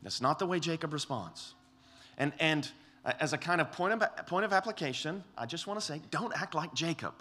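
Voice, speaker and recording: Middle-aged male pastor, earnest sermon delivery, lively swooping pitch, emphatic and repetitive. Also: brisk. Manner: earnest, emphatic preaching with many restarts and voiced quotes.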